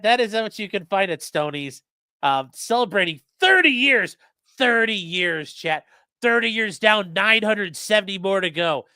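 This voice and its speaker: A man with a slightly higher, bright, forceful voice banters through his sponsor reads with a deadpan, sarcastic streak. His close mic gives a dry, dead-sounding recording with no room around him. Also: no room sound. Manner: sarcastic, rambling, deadpan jokes addressed to chat. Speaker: podcast co-host reading sponsor spots. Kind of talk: casual livestream chat, joking ad reads.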